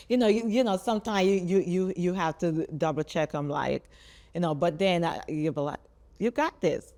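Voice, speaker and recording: A woman's voice: lowish voice, fairly quick, dark tone. A middle-aged woman with a Jamaican accent, a guest in a casual conversation, encouraging and repeating herself as she talks. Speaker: guest, former athlete.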